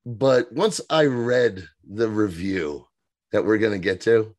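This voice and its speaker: A man co-hosts a podcast in casual, enthusiastic chat, often breaking off and restarting his sentences. His voice is on the low side and darkish, he takes things slowly, and the recording is dry.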